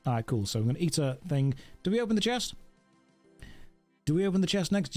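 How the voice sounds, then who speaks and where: A man's voice: a little high, very animated, brisk, pauses often, darkish tone, faint music behind. A man chatting casually and jokingly on a game livestream, talking to his dog and to viewers. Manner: chatty, jokey, talks to his dog and chat. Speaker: streamer. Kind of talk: casual livestream chat while gaming.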